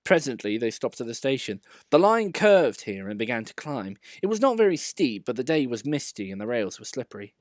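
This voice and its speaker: A man narrating a children's story with a lively, swinging pitch and a middle-range voice. The recording is dry and close, with no room sound. He tells it with relish. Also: brisk, few pauses, dry recording. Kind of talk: storybook reading.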